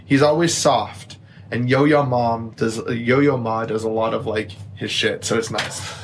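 A man's voice: medium pitch, steady tone, measured pace, background noise. A young man, a new father, telling a rambling story in casual podcast chat and filling it with "like". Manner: rambling, lots of "like", laughs often. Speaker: podcast co-host.

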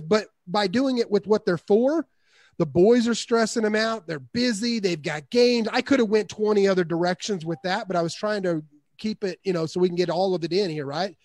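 A man's voice: high voice, normal speed, darkish tone, no echo. A man, a guest on a podcast, coaching on sales emphatically and acting out sample dialogue.

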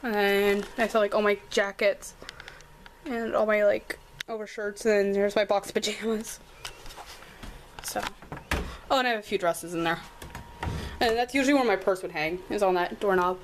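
A woman's voice: medium pitch, steady tone, normal speed, pauses often, background noise. A young woman with a Southern American accent, giving a casual room tour in her bedroom and filming on a handheld camera, chatty and full of "like" fillers. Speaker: vlogger.

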